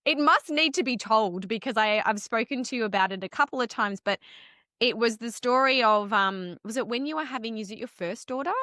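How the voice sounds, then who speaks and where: Woman podcast host, bright tone, encouraging and quick to laugh. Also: a little high, dry recording, studio quality. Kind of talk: casual podcast interview.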